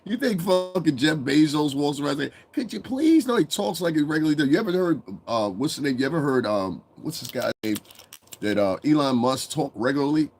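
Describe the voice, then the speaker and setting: A commentary channel host from Connecticut delivers a casual, profane, rambling monologue, breaking into mocking impressions. His voice is a little high, expressive, and brisk.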